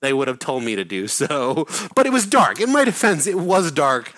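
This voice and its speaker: A man's voice: on the high side, sing-song, normal speed, pushed and bright. A man telling a rambling story in casual chat, full of fillers, restarts and swearing.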